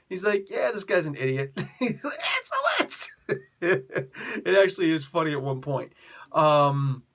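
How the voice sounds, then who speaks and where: Middle-aged man, casual comic review, animated, laughs a lot, acts out lines, slightly high voice.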